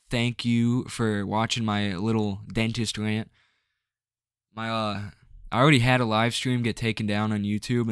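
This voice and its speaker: A man's voice: lowish voice, clean tone, no room sound, clean studio sound. A man ranting to camera in a rambling, frustrated way, full of filler words and restarts. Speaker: vlogger.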